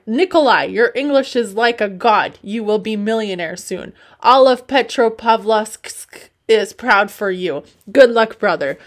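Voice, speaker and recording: A woman's voice: medium pitch, lightly acted. Woman doing a boastful Russian immigrant man. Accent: Russian, put on. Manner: broken English, loud proud declaiming. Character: boastful male Russian immigrant, middle-aged.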